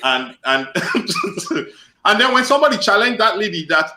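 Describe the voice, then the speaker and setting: Man from Nigeria, high and bright voice, lively storyteller, echoey room. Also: moderate pace. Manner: animated storyteller, acts out quoted voices. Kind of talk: casual chat.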